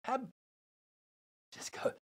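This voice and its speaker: An older man with an Australian accent, a podcast guest telling a long story in a lively, casual way, acting out other people's lines. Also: very slow. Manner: animated, swearing, acts out other voices.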